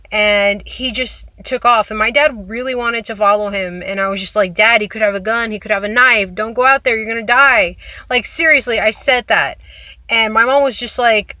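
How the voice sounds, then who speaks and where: A woman in her late twenties hosts a casual storytime vlog in an animated, chatty way, acting out the quotes as she goes. Her voice is bright and a little high. It sounds close and dry. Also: no echo. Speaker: storytelling channel host. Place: parking lot.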